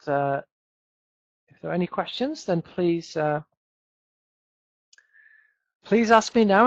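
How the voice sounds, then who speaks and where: A British man teaching English in an online webinar, relaxed and chatty, with many ums and uhs. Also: high voice, no echo, muffled recording. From United Kingdom. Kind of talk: webinar lesson.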